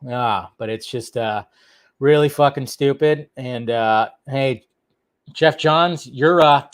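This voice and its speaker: A man's voice: medium pitch, takes it slowly. A man hosting a casual movie news commentary, blunt, swearing freely and laughing often.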